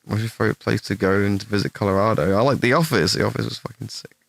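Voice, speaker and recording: A young English man answering chat questions on a stream in casual, rambling talk, swearing freely and putting himself down, with a fairly deep voice. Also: steady tone, quick pace, gravelly, no room sound. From England. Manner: rambling, swears a lot, self-deprecating.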